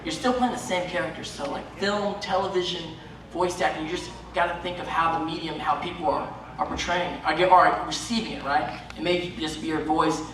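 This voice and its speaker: A man's voice: a little high, steady tone, brisk, a crowd in the background. A man, an actor on a convention panel, earnestly explaining how characters are built. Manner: earnest, instructive. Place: large convention panel room. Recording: very echoey hall, distant mic, noise.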